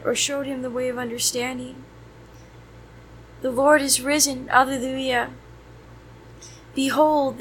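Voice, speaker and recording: Woman prayer leader, higher voice, flat steady recitation of psalms, faint hiss behind. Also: low-quality recording. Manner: steady even recitation, softer on closing prayers. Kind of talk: reciting liturgy of the hours.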